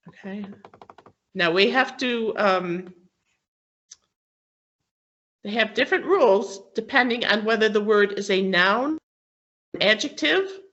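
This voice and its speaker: A woman teaching English who explains patiently, often stopping to check that her students follow. She talks slowly and her pitch rises and falls a lot. Her voice is bright and comes through dull, lo-fi online class audio. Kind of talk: classroom lesson on word stress.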